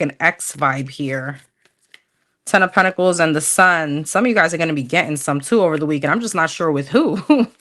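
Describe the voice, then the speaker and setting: A woman's voice: lowish voice, fairly bright tone. Chatty woman reading tarot live. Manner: chatty, slangy, thinks aloud while pulling cards. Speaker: tarot reader. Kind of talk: casual livestream tarot reading.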